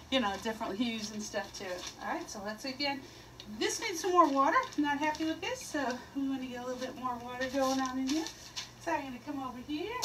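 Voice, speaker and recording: A woman with a high voice leads a relaxed painting tutorial. She is chatty and playful, dropping little "woo" sounds as she paints. She sits a bit away from the microphone, with faint ambient noise behind her. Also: distant mic. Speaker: art teacher.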